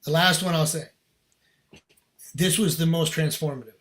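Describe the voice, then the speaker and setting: Slightly high-voiced man telling a story. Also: moderate pace. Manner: earnest, animated storyteller who laughs between lines. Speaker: podcast guest. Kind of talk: casual storytelling.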